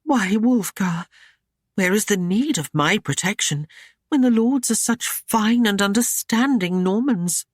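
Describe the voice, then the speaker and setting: A woman's voice: medium pitch, expressive, no room sound, studio quality, voice pushed up. A man reading an audiobook, voicing a proud and defiant young Saxon noblewoman in a raised, pointed voice. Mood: wry teasing. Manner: teasing, pointed, quick to worry.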